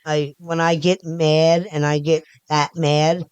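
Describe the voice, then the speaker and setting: This middle-aged Philadelphia-area woman is a podcast guest in a casual interview chat, rambling, restarting often and talking with her hands. Her voice is low and smooth with a darkish tone and little pitch movement. She speaks slowly, and the recording is dry.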